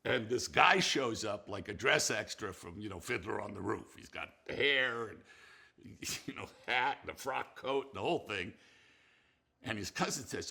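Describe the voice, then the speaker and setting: An older man, a film director, telling anecdotes in an animated, laughing way with many restarts. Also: on the low side, moderate pace, gravelly, husky. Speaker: film director recalling a colleague. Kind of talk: anecdotal storytelling.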